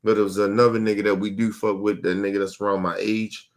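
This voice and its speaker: A man's voice: fairly low pitch, quick pace. Older man, podcast host, casual storytelling, rambling, profane. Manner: rambling, profane, animated when quoting himself.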